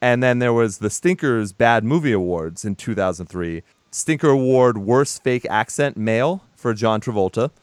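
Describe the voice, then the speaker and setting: Dude hosting a movie podcast, rambly and jokey, smooth voice, dry mic. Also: male voice, mid-range voice, lively intonation, moderate pace, few pauses, dry recording. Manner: laughing, swearing, rambling asides. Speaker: podcast host. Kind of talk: casual movie podcast chat.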